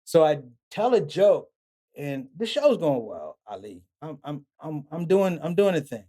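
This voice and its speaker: A man with a somewhat high voice, a comedian talking as a podcast guest. He tells his story animatedly and slips into the voices of the people he quotes. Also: a little slow. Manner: animated, acts out quoted dialogue. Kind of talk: conversational storytelling.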